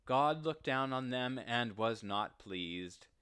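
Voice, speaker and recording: A man reading a story aloud in a slow, deliberate, gentle telling. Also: medium pitch, animated, clean tone. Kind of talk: read-aloud story narration.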